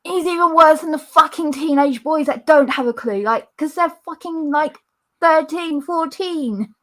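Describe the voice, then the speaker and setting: High-voiced woman, blunt and scornful. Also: measured pace, a bit bright. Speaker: stream guest. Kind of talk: casual profane roasting chat.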